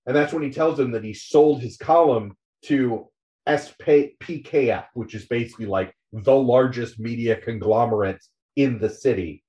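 A man's voice: mid-range voice, moderate pace, dark tone, dull audio. Man casually recapping a comic. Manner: loose, profane retelling.

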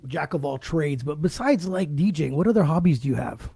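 Gravelly, husky podcast host. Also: mid-range voice, expressive, brisk, mellow, no echo. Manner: short reactions, asks laid-back questions. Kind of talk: casual interview chat.

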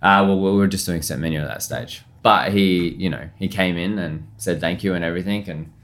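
A man's voice: deep voice, a little fast, a bit bright. A man, a chef in his thirties, telling stories in a casual interview, rambling with lots of fillers and laughing often. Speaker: chef, podcast guest.

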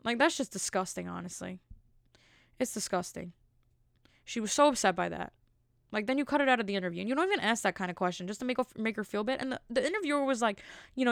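A woman's voice: medium pitch, lively intonation, quick pace, vocal fry, dry recording, studio quality. A woman in her thirties talking casually and indignantly, rambling with lots of filler words. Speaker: commentator. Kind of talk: casual opinion talk.

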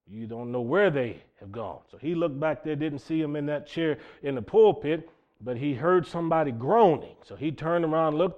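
Male preacher with a slightly high voice, folksy sermon storytelling, dull lo-fi recording. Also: darkish tone. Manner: folksy, retells quotes with repeated "he said".

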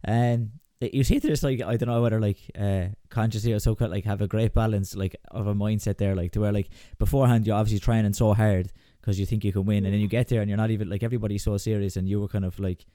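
A male podcast host with a fairly low, mellow voice. He talks fast and loosely, with lots of "like", and stays supportive of his guest. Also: fairly even intonation. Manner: loose, filler-heavy, supportive. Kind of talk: casual interview chat.

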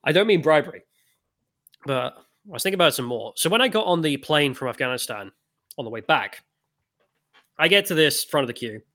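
A young man telling stories in a casual conversation, blunt and quick to swear. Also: on the high side. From United Kingdom. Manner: animated storyteller, blunt and swearing.

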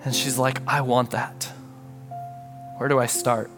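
A man's voice: mid-range voice, flat delivery, a little slow, music in the background. A man pastor delivering a sermon, telling a story with earnest feeling and acting out prayers and conversations.

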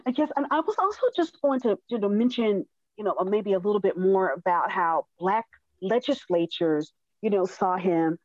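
A woman's voice: medium pitch, lively intonation, moderate pace, no echo. A woman thinking aloud about a historical figure in a thoughtful way, with frequent fillers. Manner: thoughtful, many fillers and restarts. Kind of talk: conversational history discussion. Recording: dull dry lo-fi sound.

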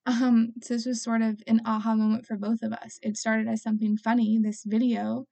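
Gravelly-voiced young woman telling a story. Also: fairly high pitch, level tone, a little fast, warm tone. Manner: chatty, lots of "like" and laughing asides. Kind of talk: casual storytelling monologue.

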